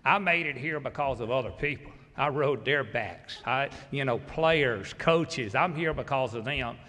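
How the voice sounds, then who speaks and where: A man's voice: medium pitch, a little slow, pushed and bright. A man in his sixties from Mississippi with a Southern accent, giving a folksy, grateful and humorous acceptance speech as a basketball coach. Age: 60s. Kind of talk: hall of fame acceptance speech. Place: large hall. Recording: echoey hall reverb.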